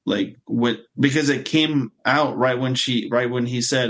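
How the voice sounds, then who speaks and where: A man co-hosting a podcast, chatting in a relaxed and agreeable way about a TV episode. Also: medium pitch, normal speed. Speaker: podcast co-host. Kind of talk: casual TV recap chat.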